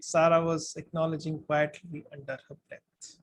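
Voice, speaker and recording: A man reading a storybook aloud in an expressive way, now and then speaking to his listeners. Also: high-pitched, moderate pace. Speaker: book reader. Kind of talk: audiobook-style story reading.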